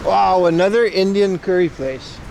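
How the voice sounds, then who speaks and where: A man's voice: sits high, moderate pace, vocal fry, a little mellow, a little hiss or hum. A man livestreaming as he walks outside, chatting and joking with his viewers. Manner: chatty, joking, talks to chat. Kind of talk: casual IRL stream chat. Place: outdoors on a street.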